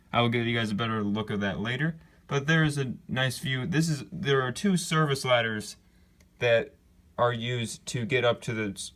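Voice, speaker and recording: A young man walks viewers through his LEGO build in a loose show-and-tell style. He rambles a bit, dropping fillers and correcting himself along the way. His voice sits at an average pitch for a man. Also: fairly bright tone. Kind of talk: casual show-and-tell narration.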